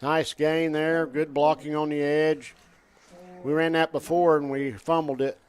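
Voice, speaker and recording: A man giving color commentary at a high school football game, folksy and coach-like in his analysis. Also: little pitch movement, measured pace.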